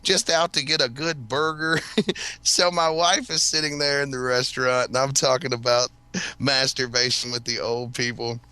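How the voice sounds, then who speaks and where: Foul-mouthed man with a very bright voice. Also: medium pitch, steady tone, moderate pace, clean tone, no echo. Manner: profane, rambling storyteller who laughs often. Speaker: podcast host. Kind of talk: casual chat.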